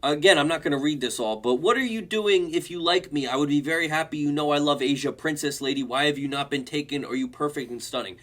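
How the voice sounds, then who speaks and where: A man's voice: fairly high pitch, fast talker, few pauses, fairly bright tone. A young man hosting a reaction video, mockingly reading online comments aloud. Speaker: host.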